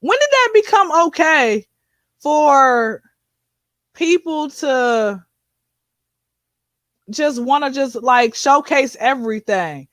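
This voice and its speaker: High-voiced sassy woman comedian. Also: slow pace, long pauses, dry recording. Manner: animated, preachy, sassy asides like "honey" and "okay?". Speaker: comedian guest. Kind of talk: casual interview chat.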